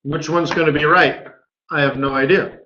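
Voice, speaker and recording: On the high side and bright, his forceful voice has fairly even intonation and a moderate pace, with slight background noise. A forex market strategist, he chats casually in a live trading webinar, often asking "right?", and the audio is dull and lo-fi.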